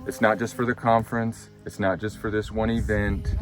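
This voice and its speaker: Deep guy with a gravelly voice doing vlog talk, clear music playing behind. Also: fairly even intonation, moderate pace, hardly any pauses. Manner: earnest, grateful. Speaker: hiker vlogger.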